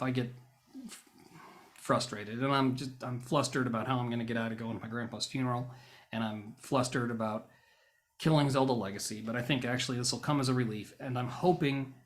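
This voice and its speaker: Male YouTuber doing a rambling vlog monologue: wry, self-mocking rants that spike into loud outbursts. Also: medium pitch. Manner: flares into loud bursts.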